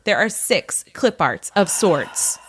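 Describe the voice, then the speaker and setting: A woman's voice: medium pitch, takes it slowly, breathy edge. A woman hosting a podcast, telling a gossip story in casual chat, laughing often and acting out what the people in it said. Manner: animated, laughs often, acts out characters' lines. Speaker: podcast host.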